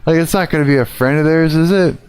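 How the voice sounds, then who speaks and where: A man's voice: on the high side, fast talker, darkish tone, smooth, no echo. A man live-streaming, reacting casually to a video, laughing often and swearing as he thinks aloud.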